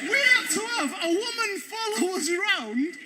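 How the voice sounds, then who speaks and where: A man telling comic stories on a studio stage, excitably acting out the people in them. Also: extremely high pitch, moderate pace, very noisy. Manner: excitable, acts out the voices in his stories. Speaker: stand-up comedian. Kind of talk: stand-up storytelling. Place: studio stage before a live audience.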